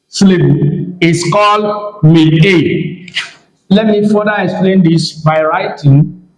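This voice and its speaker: Slow, high-voiced man teaching in an echoey room. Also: darkish tone. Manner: deliberate, repeats key terms, pauses between phrases. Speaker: pastor teaching Hebrew. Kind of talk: slow classroom lecture.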